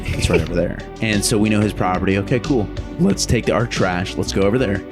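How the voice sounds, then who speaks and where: A man telling a story in casual podcast chat, animated, laughing often and acting out what people said. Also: on the low side, a little fast, over music. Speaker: podcast guest.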